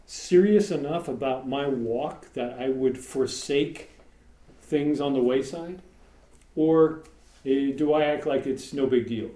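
Speaking slowly in a warm, mid-range voice, a man teaches his congregation in an informal sermon full of fillers and joking asides. He's recorded in their meeting room on a live-stream room mic, with echo and a faint hum.

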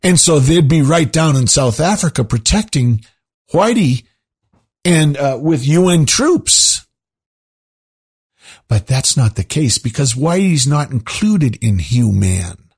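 A man's voice: fairly high pitch, big pitch swings, takes it slowly, husky. A man hosting his own show, talking to his listeners in a rambling, conversational way full of asides. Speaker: show host. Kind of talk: casual monologue to listeners.

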